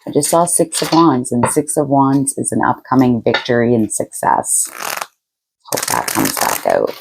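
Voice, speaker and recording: A woman's voice: a bass voice, wildly swooping pitch, a little slow, vocal fry, background noise. A woman giving a casual tarot reading to her viewers, chatty and frank, laughing often and using blunt slang. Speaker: tarot reader.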